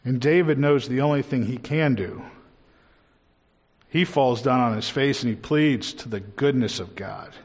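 A man preaching a sermon earnestly, slowing down to stress his key words. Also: medium pitch. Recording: long hall reverb.

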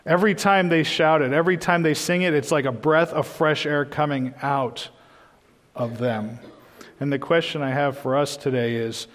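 A man's voice: medium pitch, big-room sound. A man preaching a sermon in a church, earnest and emphatic, often repeating his phrases.

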